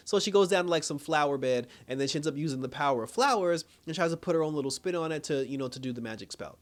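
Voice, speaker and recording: A man's voice: on the high side, fast, hardly any pauses. A man casually reviewing a TV episode, rambling with many fillers and frequent chuckles. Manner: rambling, full of "you know" and "like" fillers; chuckles often while recapping.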